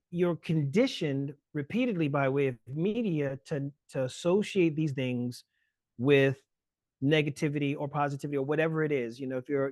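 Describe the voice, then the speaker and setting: Man, lecturer on a webinar call, brisk, filler-heavy delivery, slightly high voice, dry sound. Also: no echo. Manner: fast, fluent explaining with frequent fillers. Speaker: guest lecturer.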